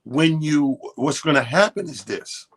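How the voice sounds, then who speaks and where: Husky man telling a profane story. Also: a little high, a little slow. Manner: animated, profane, acts out both sides of quotes. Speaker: radio co-host. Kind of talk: casual storytelling chat. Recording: radio studio.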